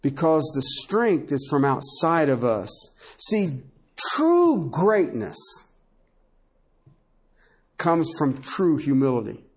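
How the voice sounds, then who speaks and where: A male pastor preaching a sermon with animated delivery, swinging between low asides and high emphatic bursts and laughing often. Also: slow pace, pauses often, breathy edge.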